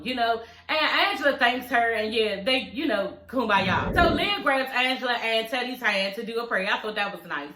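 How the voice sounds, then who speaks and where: A woman's voice: on the high side, normal speed, hardly any pauses. A young woman, casually recapping a TV episode and acting out the characters' lines as she goes. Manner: animated, acts out characters' lines while retelling. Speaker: TV episode reviewer. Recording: echoey room.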